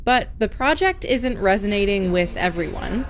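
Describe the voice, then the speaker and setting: A woman reporter narrating a radio news feature in a clear, measured way. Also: mid-range voice, animated.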